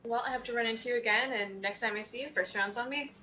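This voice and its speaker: Fast-talking bright woman player. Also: a little high, a little hiss or hum, rough recording. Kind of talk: tabletop role-play.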